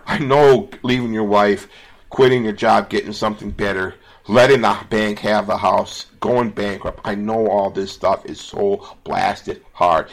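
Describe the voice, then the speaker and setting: A man's voice: fairly low pitch, creaky. A middle-aged man giving an earnest, emotional self-help monologue, emphatic and repeatedly checking "okay?" and "all right?". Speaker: self-help podcast host.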